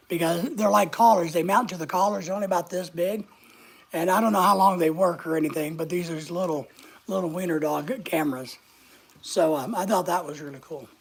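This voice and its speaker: An older woman chats her way through a live stream, rambling from one thought to the next. Her voice is gravelly and a bit husky, with a comfortable, unhurried feel. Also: mid-range voice. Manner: rambling, chatty, reads out viewer comments. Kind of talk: casual live-stream chat.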